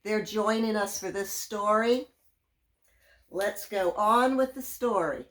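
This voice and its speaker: A woman teacher reading a children's story aloud, gentle and drawn out, leaning into the sound words. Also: medium pitch, takes it slowly, low-quality recording.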